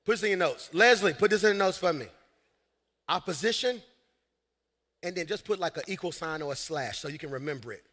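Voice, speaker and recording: A man preaching in a large church hall, with a high, bright, cutting voice. He works the crowd and builds to shouted peaks. A long reverb trails every line. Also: brisk, pauses often. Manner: energetic preaching with shouted peaks and call-and-response asides. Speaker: senior pastor. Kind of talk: live sermon.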